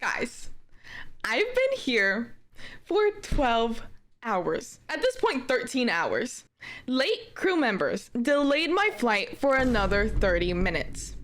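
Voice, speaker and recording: A young woman telling a story about a travel mishap, swearing freely and swinging between flat grumbling and disbelieving outbursts. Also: fairly high pitch, slow. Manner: animated, swears a lot, swings from flat complaint to shrieking disbelief. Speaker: streamer. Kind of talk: casual storytime vlog.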